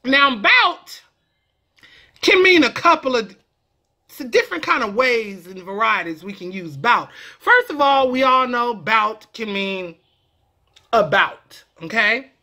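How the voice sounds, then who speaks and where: Speaking at a measured pace in a fairly high voice, a comedic vlogger from California teaches a lesson. She's playful and animated, full of slang, and keeps slipping into character voices.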